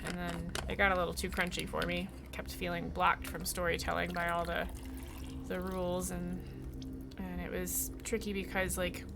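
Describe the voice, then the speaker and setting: A woman's voice: lowish voice, flat delivery, normal speed, vocal fry, music in the background. A woman streaming a game, chatting casually in a rambling, self-deprecating way. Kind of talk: casual gameplay chat.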